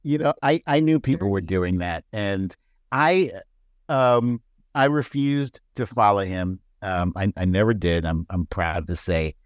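A man talking as a guest on a podcast, telling stories in an animated way and laughing often. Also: on the low side, unhurried, no room sound. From United States. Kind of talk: casual chat.

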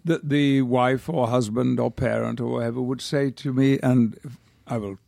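An older man from the north of England, a guest actor telling anecdotes in a measured, articulate and wry manner. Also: mid-range voice, steady tone, creaky, warm tone, dry recording, clean studio sound. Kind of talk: anecdotal interview storytelling.

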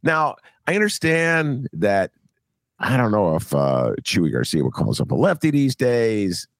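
A man, co-hosting a casual political chat podcast, rambling and animated, laughing often and full of fillers. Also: on the low side, a little slow, creaky, no echo, clean studio sound. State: recovering from a cough. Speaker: podcast co-host and columnist.

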